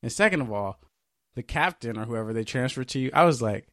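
A man's voice: mid-range voice, fairly quick, no room sound. Profane man telling a story dry. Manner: animated, profane, acts out quoted voices. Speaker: podcast co-host. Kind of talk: casual storytelling chat.

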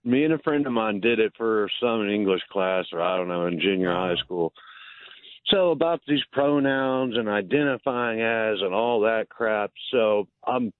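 A man's voice: lowish voice, a little slow, no room sound. A man in his fifties calling in to a radio show, joking and boastful. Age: 50s. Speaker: caller. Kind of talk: phone-in call. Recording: tinny phone line.

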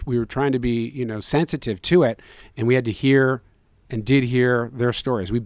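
A man's voice: mid-range voice, a little mellow, no echo. A man, a filmmaker guest, speaking earnestly, rambling through many restarts and fillers. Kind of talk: conversational interview answer.

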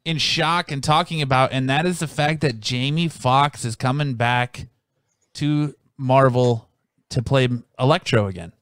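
A man hosting a casual podcast, loud, hyping and joking. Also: medium pitch, a little slow, clear, resonant tone, dry recording, clean studio sound. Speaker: podcast host.

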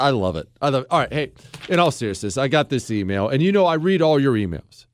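A man's voice: medium pitch, big pitch swings, fast, no echo. Sarcastic talk radio host man. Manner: sarcastic, self-mocking joking.

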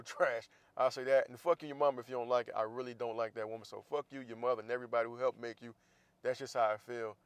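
A man's voice: medium pitch, smooth, no echo. A man hosting a casual opinion monologue, talking in a blunt, profane and heated way, with sarcastic asides. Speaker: podcast host.

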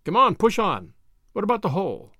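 A man's voice: sits high, wildly swooping pitch, brisk, bright, forceful tone, no room sound, clean studio sound, heavily acted. A man voicing an earnest, uneasy young Englishman who speaks in a clipped, anxious way.

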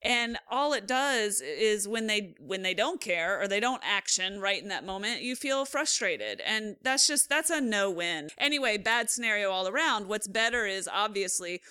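A woman's voice: mid-range voice, animated, normal speed, few pauses, sharp tone, clean tone, dry recording. A woman hosting a casual conversational podcast, frank and emphatic as she makes her points. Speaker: podcast host.

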